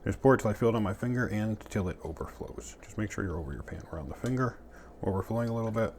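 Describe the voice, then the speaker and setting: In his home kitchen, a man with a low-ish, darkish voice talks fast through a casual cooking demo, with a little hiss or hum and clattering pans and utensils behind. He is chatty and joking, talking to himself as he cooks.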